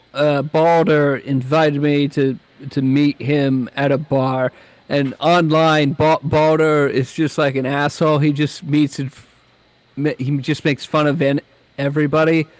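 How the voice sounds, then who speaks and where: Brief: male guest, fairly high voice, dead-dry close sound, rambling and profane. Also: clean tone, dry recording. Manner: rambling, many restarts, blunt and profane. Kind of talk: casual chat.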